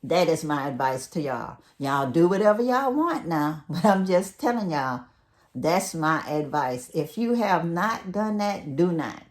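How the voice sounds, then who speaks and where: A middle-aged woman with a Southern drawl talks in a low, unhurried voice. She gives friendly, folksy advice, speaking straight to her viewers. Her tone stays casual and conversational throughout. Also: very animated. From United States. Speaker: vlogger giving relocation advice.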